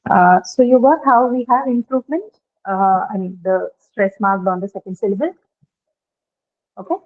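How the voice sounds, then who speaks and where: A woman's voice: medium pitch, normal speed. A woman teaching a lesson on word stress, explaining step by step and often checking with "right?". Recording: thin phone-like line.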